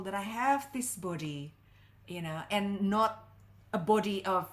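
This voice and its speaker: Middle-aged woman guest coach, slow and earnest, mid-pitched, emphatic lifts in pitch. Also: animated. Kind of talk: conversational advice in an interview.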